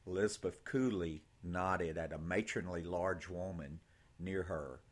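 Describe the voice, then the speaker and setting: Slow, husky male audiobook narrator. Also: low voice. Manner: slow, measured storytelling. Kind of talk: scripted narration.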